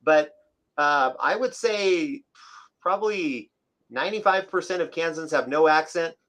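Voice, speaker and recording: A man's voice: a little high, a little slow, fairly bright tone. A man co-hosting a podcast, chatting casually and telling stories with easy laughter. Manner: chatty, storytelling, laughs easily. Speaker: podcast co-host. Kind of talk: casual chat.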